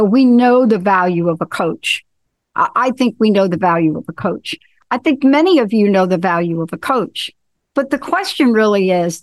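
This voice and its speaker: A woman's voice: medium pitch, no echo. A woman hosting a talk show in casual chat, enthusiastic, often repeating and restarting her phrases. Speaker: show host.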